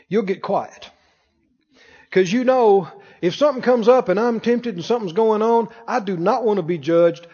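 With a breathy edge to his high voice, a pastor delivers an emphatic sermon, peppering the congregation with rhetorical questions and leading call-and-response. A long reverb tail fills the big hall, and the muffled recording has its high frequencies rolled off.

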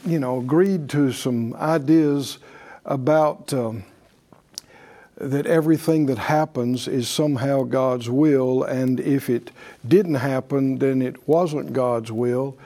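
Mellow-voiced preacher man. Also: medium pitch, slow pace. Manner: conversational, many fillers and restarts; leads call-and-response. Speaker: pastor teaching a faith class. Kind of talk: sermon-style teaching.

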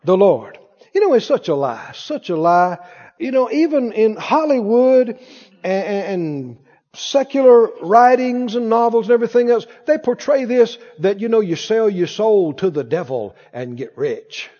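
A man's voice: sits high, animated, moderate pace, mellow. A man preaching a sermon as pastor, with fervent, repeated declarations. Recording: dull sound in a reverberant hall.

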